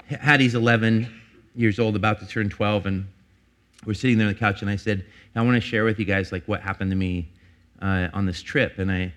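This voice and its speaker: A middle-aged man preaching a sermon as pastor, earnest and confessional, climbing to emphatic peaks and dropping low and personal. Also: a bit bright.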